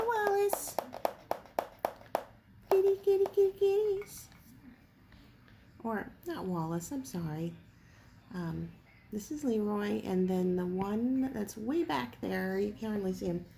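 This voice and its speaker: Woman host of a small home channel; unhurried, warm-dark gravelly voice, faint room noise behind. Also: lowish voice. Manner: soft, coaxing, slow-paced talk. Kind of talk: casual vlog talking to kittens. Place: home, indoors.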